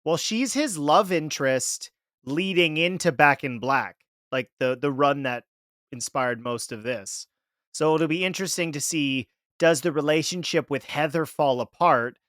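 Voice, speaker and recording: Male podcast host, slightly high voice, rambly, dry close sound. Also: unhurried, fairly bright tone, no echo. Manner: rambling, searching for words. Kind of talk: casual podcast discussion.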